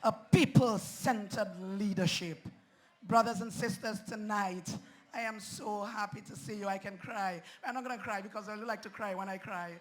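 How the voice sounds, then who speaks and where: A man giving a fiery campaign speech at an outdoor rally, rousing and shouting slogans into a stage microphone. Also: high-pitched, fairly even intonation, normal speed. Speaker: political rally speaker.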